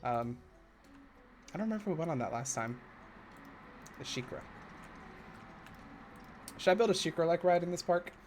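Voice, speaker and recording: A man's voice: normal speed, long pauses, a little hiss or hum. Chatty young-sounding male game streamer. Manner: chatty and rambling, drifting into side stories; excitable, with sudden high-pitched bursts. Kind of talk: casual live-stream commentary while building.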